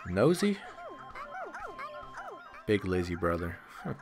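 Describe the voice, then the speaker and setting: A man's voice: on the low side, expressive, normal speed, vocal fry, over music. A man giving casual, crude, joking let's-play commentary while playing a video game, teasing the characters and mocking his own skill. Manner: joking, crude and self-deprecating.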